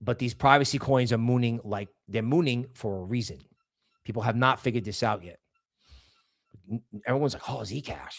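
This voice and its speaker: A man's voice: medium pitch, moderate pace, pauses often. A man hosting a crypto livestream, talking casually and emphatically, with frequent restarts. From New York area.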